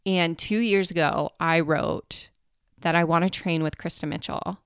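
A woman's voice: on the low side, steady tone, unhurried, a bit bright, smooth, dry recording. Chatty woman podcaster, dry close sound. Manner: chatty, filler-heavy storytelling. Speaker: podcast co-host, energy healer. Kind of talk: casual podcast chat.

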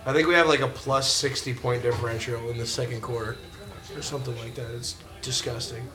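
A man hosting a podcast, chatting casually and excitably about football in a slangy, trash-talking way. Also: medium pitch, a little fast. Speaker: podcast host. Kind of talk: casual sports chat while watching a game.

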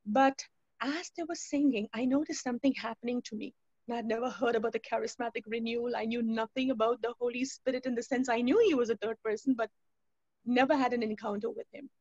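A woman recounts her conversion story with a fairly high voice, acting out what each person said. The sound is dry and close, slightly muffled and lo-fi. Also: steady tone, fast, a little mellow, no room sound. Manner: storytelling, acting out quoted dialogue. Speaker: speaker giving a personal testimony. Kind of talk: spoken testimony to a youth webinar.

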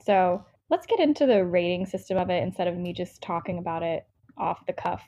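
A woman's voice: on the low side, fairly quick, warm tone. Rambling young American woman, dull sound. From United States. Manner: rambling, filler-heavy, self-interrupting. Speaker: book podcast co-host. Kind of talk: casual book review chat.

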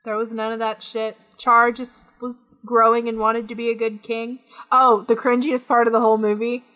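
A woman co-hosting a podcast, ranting in animated, profane chat. Her voice sits a little high for a woman. She is recorded close on a podcast microphone. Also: normal speed. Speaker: podcast co-host. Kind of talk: casual chat.

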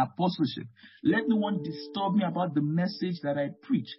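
A man's voice: high-pitched, moderate pace. A man preaching a Bible teaching sermon, emphatic and repeating key phrases, often calling out amen. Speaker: pastor. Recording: muffled lo-fi with guitar music.

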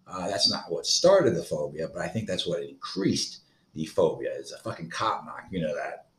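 A man's voice: low-pitched, very animated, moderate pace, echoey room, background noise. A man in his thirties from Florida, hosting a solo podcast in a profane, rambling, agitated rant. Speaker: podcast host.

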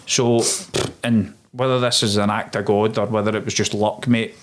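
A former soldier with a fairly low voice tells his story at normal speed in a casual interview. An animated storyteller, he acts out the voices of the people involved, performing quoted dialogue and swearing.

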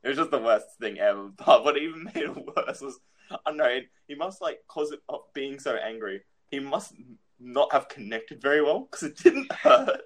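A man's voice: medium pitch, normal speed. A young man in casual chat, telling a childhood story, laughing often and swearing freely.

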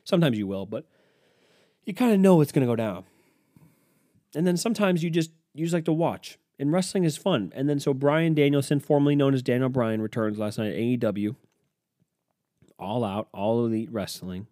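A man's voice: medium pitch, moderate pace, mellow, no echo, studio quality. A man, hosting a solo podcast and ranting sarcastically, swearing often as he reacts to headlines. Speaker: podcast host. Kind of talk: profane solo podcast rant.

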